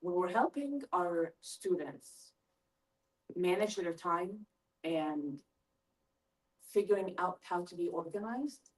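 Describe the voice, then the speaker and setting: A woman's voice: on the low side, takes it slowly, pauses often. Engaging woman presenter, a bit far from the mic. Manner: lively, engaging, asks the audience questions. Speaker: school family-engagement presenter. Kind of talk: live parent workshop talk. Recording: voice from a distance from the mic.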